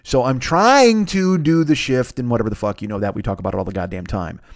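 A man's voice: mid-range voice, quick pace, dry recording, studio quality. A man hosting a podcast, telling a rambling, profane, self-mocking story in casual chat, with bursts of laughter. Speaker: podcast host. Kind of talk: casual comedic monologue.

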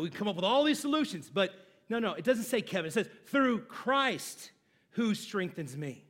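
A pastor preaching a sermon, moving from loud emphatic lines to low hushed phrases, chatting with and joking with his congregation. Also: big pitch swings, normal speed. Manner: conversational, asks the congregation questions and jokes with them.

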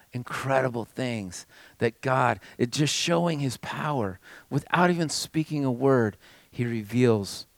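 A man preaching a sermon as pastor, with dramatic swings between raised passages and hushed, almost whispered lines. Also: medium pitch.

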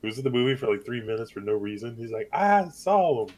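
Wry, lower-voiced man chatting. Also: steady tone, very fast, a little hiss or hum. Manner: wry, swears casually, quotes characters. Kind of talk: casual chat.

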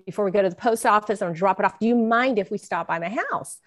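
A woman's voice: mid-range voice, quick pace. Earnest woman telling a personal story. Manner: earnest storytelling, acts out quoted voices. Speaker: author guest. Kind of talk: podcast interview.

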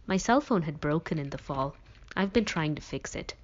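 A woman's voice: sits low, animated, moderate pace. A woman voicing an injured teenage boy with a sarcastic, self-mocking manner. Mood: weary. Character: injured teenage boy, wry and dry-witted. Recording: dull lo-fi recording.

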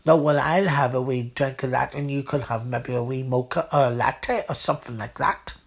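A woman's voice: very deep voice, moderate pace, vocal fry. A woman playing a blunt, chatty auntie in a comedy sketch. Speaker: comic auntie.

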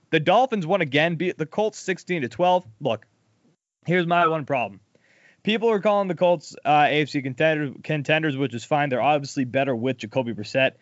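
A man hosts a casual sports talk show, running through scores in a blunt, animated way. His voice sits a little high, and the sound is dry, close and slightly dull and lo-fi. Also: dry recording. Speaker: podcast co-host.

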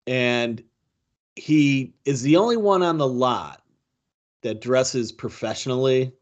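A man with a wife and kids, co-hosting a podcast in relaxed, rambling casual chat. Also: medium pitch, slow, highs cut off. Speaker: podcast co-host.

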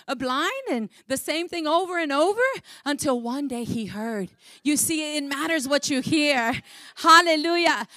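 High, fervent woman preaching. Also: no room sound. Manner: fervent preaching, swings from soft to shouting. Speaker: pastor. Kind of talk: sermon.

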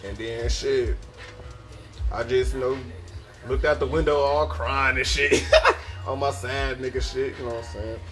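A man's voice: medium pitch, fairly even intonation, a little slow, a bit bright, faint music behind. A young man, telling a podcast story in a casual, profane, laughing way. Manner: profane, laid-back, laughing asides. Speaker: podcast host.

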